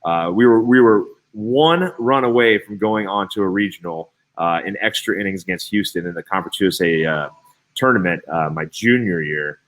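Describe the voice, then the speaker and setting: A man in his thirties from Cincinnati, a former ballplayer, telling stories as a guest in a casual interview, animated and full of fillers and restarts. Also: sits low, normal speed. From Cincinnati, Ohio. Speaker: guest, former baseball player.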